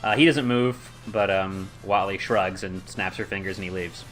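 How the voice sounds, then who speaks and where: Guy running a tabletop game, lowish voice, bright edgy tone, lots of ums. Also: steady tone, normal speed, faint music behind. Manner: loose narration with many fillers and sound effects. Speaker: game master.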